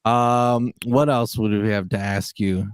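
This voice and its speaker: A man's voice: lowish voice, steady tone, a little slow, clear, resonant tone, dry recording. Male co-host, casual and rambling, dry room. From Chicago area. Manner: rambling, many fillers and restarts. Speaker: podcast co-host. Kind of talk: casual interview chat.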